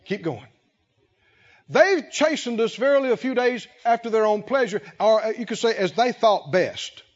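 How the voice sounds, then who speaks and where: A male pastor preaching a sermon, speaking slowly and with emphasis, pausing to let the congregation fill in key words. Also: high-pitched, animated. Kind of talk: sermon with call-and-response. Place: church sanctuary. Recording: lo-fi with long hall reverb.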